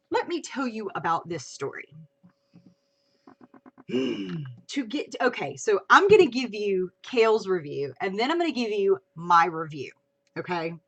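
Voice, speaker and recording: A woman hosting a casual livestream chat, chatty and expressive, swearing casually. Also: medium pitch. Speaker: livestream host. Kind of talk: casual chat about fan fiction.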